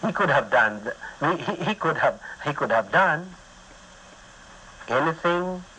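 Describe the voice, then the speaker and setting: Male Bible teacher with a Filipino accent, emphatic, slow and animated, bright tone, faint tape noise. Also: fairly high pitch, low-quality recording. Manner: emphatic, switches between English and Visayan, asks the listeners questions. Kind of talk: Bible study sermon.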